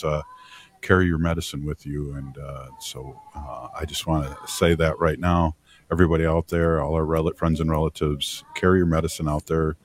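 A man co-hosting a community radio show, talking casually and haltingly with many fillers. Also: low-pitched. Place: radio studio. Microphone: studio mic.

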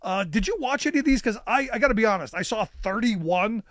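High-voiced sarcastic man, very animated. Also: a little fast, no room sound, studio quality. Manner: sarcastic, animated, repeats words when starting. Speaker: podcast co-host. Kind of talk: political talk chat.

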